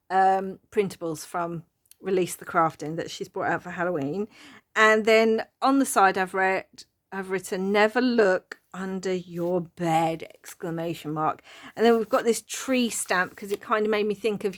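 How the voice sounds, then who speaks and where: A woman's voice: mid-range voice, a bit bright. Chatty, giggly middle-aged woman. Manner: chatty and rambling, prone to giggling fits. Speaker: craft channel host. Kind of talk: casual journal flip-through chat.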